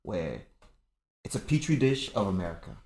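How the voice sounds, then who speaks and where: Man, co-host, rambling thinker with a low voice, echoey room. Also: sing-song, moderate pace, a little mellow. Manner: musing, lays out his views with fillers. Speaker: podcast co-host. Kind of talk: casual chat.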